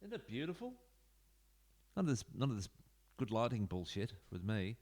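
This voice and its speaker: A YouTuber records a relaxed let's-play of a football management game from a home room, with a desk mic into his computer, chatting and making offhand asides to viewers. His mid-range, darkish voice swings widely in pitch at a normal speed.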